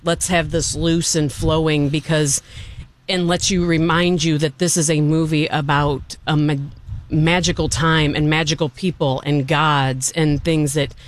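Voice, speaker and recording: An enthusiastic man talks through a film in loose, casual chat, circling back and restarting his sentences as he goes. His voice sits a little on the high side for a man. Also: little pitch movement, a little slow. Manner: enthusiastic, rambling, with many restarts. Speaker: film reviewer.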